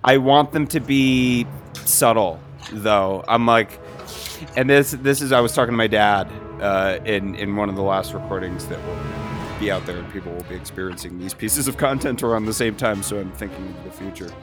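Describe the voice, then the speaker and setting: Rambling low-voiced man with music behind. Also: normal speed. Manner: rambling, self-interrupting. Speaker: writer leading a script read-through. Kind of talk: casual chat.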